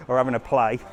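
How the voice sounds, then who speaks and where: A man hosting a casual live walking tour outdoors, chatting easily to his viewers and reading their comments aloud. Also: medium pitch. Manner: chatty, easygoing, talks straight to viewers. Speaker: travel vlogger and live-stream host. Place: outdoors on a resort street, walking.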